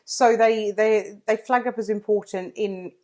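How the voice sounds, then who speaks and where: A woman's voice: medium pitch, fairly even intonation, unhurried, a little mellow. A woman co-hosting a podcast in casual chat, talkative and laughing often, with frequent restarts. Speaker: podcast co-host.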